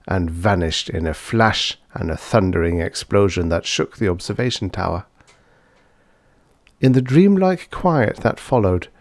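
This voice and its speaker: Low-voiced male audiobook narrator. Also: a little mellow, no echo, studio quality. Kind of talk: scripted narration.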